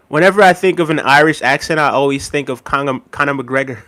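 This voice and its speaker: A man's voice: medium pitch, fast talker. Laid-back man chatting on a livestream. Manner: relaxed, rambling, laughs often. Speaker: livestream host. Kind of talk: casual chat reading viewer comments.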